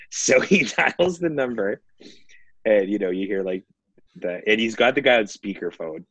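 A man's voice: fairly low pitch, lively intonation, normal speed, a bit bright, breathy edge, no echo. A man telling a story on a podcast, rambling with many fillers and frequent laughs. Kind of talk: casual storytelling.

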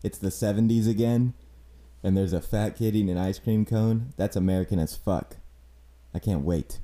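Teasing dark-voiced young man. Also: lowish voice, steady tone, normal speed. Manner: teasing, mock-patriotic banter, laughs often. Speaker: podcast regular guest. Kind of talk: casual chat.

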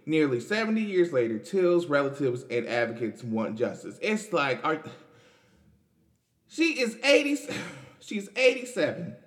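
A man's voice: a little high, big pitch swings, a little slow. A young man, hosting a casual podcast and commenting on news in a loose, chatty way with restarts and laughs. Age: 20s. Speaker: podcast host.

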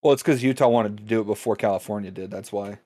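A man's voice: fairly low pitch, fast talker, mellow, no room sound. A man hosting a podcast, joking and bantering playfully. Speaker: podcast host. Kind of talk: casual chat.

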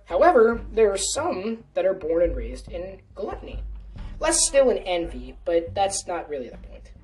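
A woman's voice: medium pitch, big pitch swings, moderate pace, a little mellow. A woman narrating a story in a casual reading voice, now and then correcting herself. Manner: casual, with small self-corrections. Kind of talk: storytelling reading of a fan fiction. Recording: distant mic with faint music.

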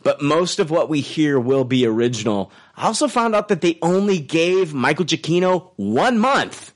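Lively, rambling male podcast host. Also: on the high side, moderate pace. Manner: rambling, profane, laughs often. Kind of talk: casual podcast chat.

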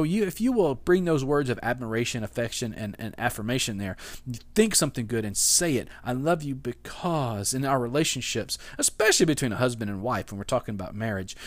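A man's voice: on the high side, no room sound. A man preaching a sermon in a casual, conversational way, with frequent fillers and restarts. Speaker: pastor.

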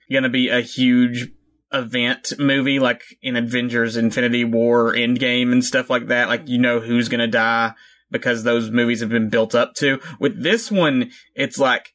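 A man's voice: medium pitch, a bit bright. A man co-hosting a podcast, chatting casually about a movie, explaining at length and laughing often. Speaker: podcast co-host. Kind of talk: casual movie review chat.

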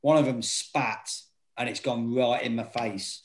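Man, casual storytelling, swearing, lively quoted voices. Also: mid-range voice, measured pace, low-quality recording. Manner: swearing, animated, acts out quotes. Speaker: former non-league football manager.

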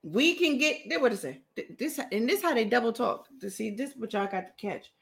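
A woman's voice: a little high, animated, a little fast, gravelly. A woman hosting a podcast, giving sarcastic, mocking commentary on a book she reads from and often laughing at her own jokes. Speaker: podcast host.

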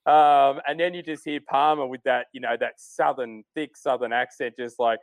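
A man's voice: mid-range voice, fairly even intonation, moderate pace, dry recording. Rambling man, dry sound. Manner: rambling, many fillers and restarts. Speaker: golf podcast co-host. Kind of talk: casual sports chat.

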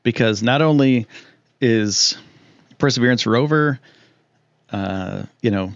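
Talking slowly, a young man rambles through a casual live-stream chat, stuffing his speech with fillers and false starts. When something excites him, his voice shoots way up. The recording sounds a bit dull and lo-fi, close and dry, with hardly any echo.

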